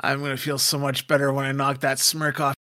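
A man's voice: medium pitch, little pitch movement, fairly quick, bright, forceful tone. A man playing a tabletop game in an eager, playful way. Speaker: player. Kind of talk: casual tabletop play.

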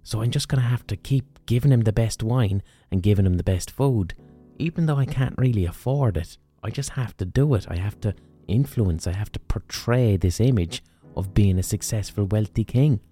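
A man's voice: lowish voice, normal speed, mellow, husky, faint music behind. A man with an Irish accent voicing a proud but poor and generous Greek king who talks bluntly, swears and exclaims. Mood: anxious.

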